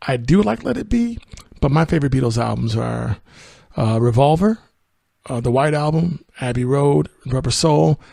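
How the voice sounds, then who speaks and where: A man's voice: mid-range voice, lively intonation, moderate pace, gravelly, dark tone, no echo, clean studio sound. A man hosting a podcast, casually retelling and reviewing a film in a rambling way. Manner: rambling, with fillers and laughs. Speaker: podcast host.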